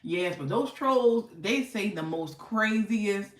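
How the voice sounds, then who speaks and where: A woman hosts a casual live stream, chatting with her viewers in a playful, talkative way. Her pitch swings up and down with plenty of life. The room around her rings with a noticeable echo. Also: expressive, takes it slowly. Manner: chatty and playful, laughs often, talks back to the chat. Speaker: livestream host.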